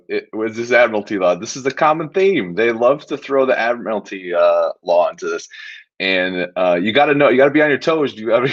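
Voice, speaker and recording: A man with a fairly low voice gives casual, wry commentary on a court clip and chuckles his way through it. The sound is dull and lo-fi, like audio from a home livestream. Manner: amused, wry, laughs often while mocking. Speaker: attorney and show host.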